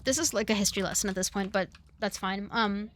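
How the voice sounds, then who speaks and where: A woman's voice: mid-range voice, fast, a bit bright, slight background noise. A young woman streamer talking casually and emotionally about her family, with many fillers and restarts. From family from Russia and Ukraine.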